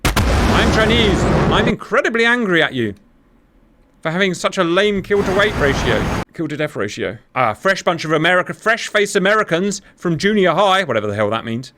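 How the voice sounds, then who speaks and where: Excitable man commentating a flight-sim battle. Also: sits high, fairly quick, few pauses, very noisy. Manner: animated, jokey, talks to viewers, cheers loudly. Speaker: host commentating a simulated air battle.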